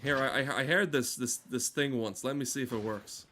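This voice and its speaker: A male streamer chatting loosely over his gameplay, cursing freely and cutting himself off mid-sentence. His voice sits at an ordinary middle pitch, neither high nor low. He jokes with his chat as he plays. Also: moderate pace, fairly bright tone, a little hiss or hum. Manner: rambling, swearing, self-interrupting, joking with chat. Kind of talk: casual gaming stream commentary.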